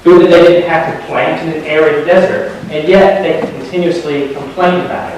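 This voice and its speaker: Man, high voice, sermon, joke-telling preacher, very echoey hall, distant mic. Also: moderate pace, few pauses, a little hiss or hum. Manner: joke-telling, animated storyteller. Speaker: pastor. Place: large hall at a community service.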